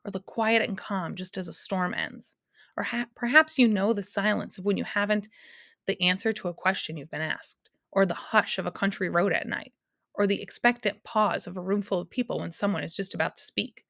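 A woman voicing the Soundkeeper, a lonely, chatty woman who keeps all sounds and speaks gently and gushingly. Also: mid-range voice, brisk, vocal fry, no echo, clean studio sound. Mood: dreamy.

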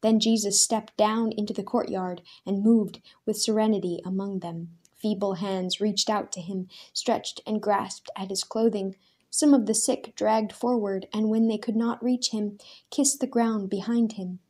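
Woman reading a story out loud, mellow warm voice, steady and expressive. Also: medium pitch, unhurried, husky. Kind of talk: storybook narration.

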